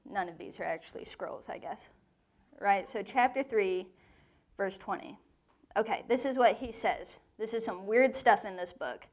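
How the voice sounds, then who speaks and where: A woman teaching a lively women's Bible study to a live group in a meeting room, with playful joking asides. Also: fairly high pitch.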